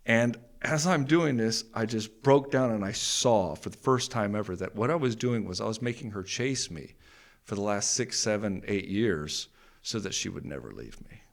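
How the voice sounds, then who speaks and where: A middle-aged man, a podcast guest, candidly telling a personal story in a blunt, profane way that gets animated when he relives his anger. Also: on the low side, normal speed, creaky.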